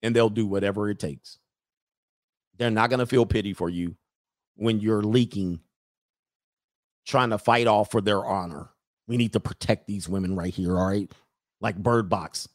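A man hosting a livestream, ranting to his viewers in a casual, animated way and laughing often. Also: fairly low pitch, moderate pace, pauses often, no room sound, clean studio sound. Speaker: livestream host.

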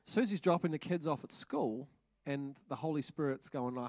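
A pastor preaching a stirring, emphatic sermon at a church service. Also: male voice, fairly high pitch, lively intonation, normal speed, darkish tone, dry recording, clean studio sound.

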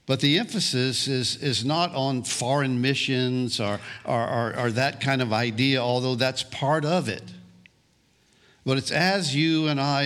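A man preaches a sermon as pastor, speaking deliberately and often repeating words as he restarts phrases. His voice is medium in pitch and a bit bright.

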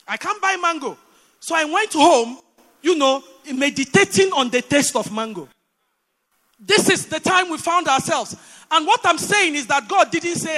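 Nigerian woman preacher, bright animated delivery, hall echo, rhetorical questions. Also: high voice, normal speed. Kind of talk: sermon.

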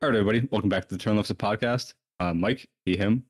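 A podcast host, a man with a very deep voice. He talks quickly in a brisk, chatty way. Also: slight background noise. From United States. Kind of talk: casual podcast talk.

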